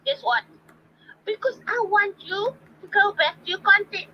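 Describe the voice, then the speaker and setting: A woman's voice: very high-pitched, animated, normal speed, muffled recording. A woman calling in to a live stream, drunk, rambling and repeating herself as she confronts the host. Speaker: stream guest caller.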